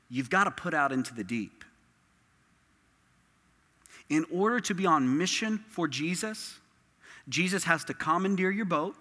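A pastor preaches a sermon in a church sanctuary, emphatic and impassioned, repeating himself a lot. His voice is a little high with a sharp tone, and the long reverb of a large hall fills the recording.

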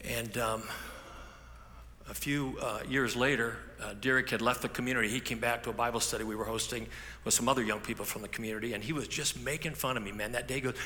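A man's voice: medium pitch, steady tone, fast, bright, forceful tone. A man preaching a sermon as a pastor, telling stories in a conversational way with frequent restarts. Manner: conversational storytelling with repeated restarts. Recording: echoey hall with faint ambience.

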